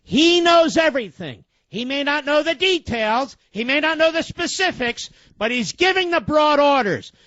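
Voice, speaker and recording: A man's voice: very high voice, animated, normal speed, hardly any pauses, a bit bright, no room sound, highs cut off. A man hosting a talk radio show, delivering indignant, emphatic commentary full of rhetorical questions.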